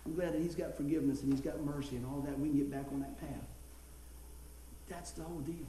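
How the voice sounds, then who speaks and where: A middle-aged man delivers a folksy, storytelling sermon in a high voice. He is recorded from some distance in an echoey church room, with faint ambient noise behind him. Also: quick pace. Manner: folksy storytelling, laughing, animated. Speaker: pastor.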